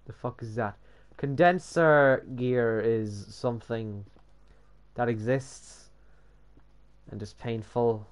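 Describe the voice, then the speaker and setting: Young man, gameplay commentary, sarcastic, sweary, mumbling asides, drawn-out delivery. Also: mid-range voice, smooth. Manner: sweary, sarcastic, mutters to himself. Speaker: gamer building in a block game.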